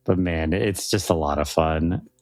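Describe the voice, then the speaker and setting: A man's voice: low-pitched, unhurried, darkish tone, dry recording. A man co-hosting a podcast, chatting casually and enthusiastically, rambling with many restarts and fillers. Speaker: podcast co-host. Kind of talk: casual chat.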